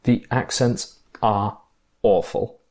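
A man with a fairly low voice chats about films with a friend, enthusiastic and a little rambling. He often stops to rethink a sentence, with plenty of "um" and "like", and keeps the tone easygoing. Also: steady tone, slow pace, darkish tone. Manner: enthusiastic, thinks aloud with fillers and restarts. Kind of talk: casual film discussion.

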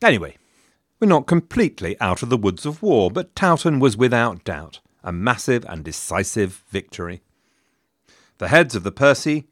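A man's voice: lowish voice, dry recording. Wry man narrating history. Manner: wry, dry humour with sarcastic asides. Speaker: history podcast host.

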